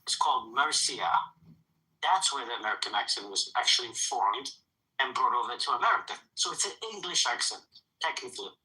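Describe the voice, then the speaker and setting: A man's voice: mid-range voice, animated, a little fast, pushed and bright, rough recording. A man hosting a heated group debate, combative and insulting, talking over others. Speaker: stream host.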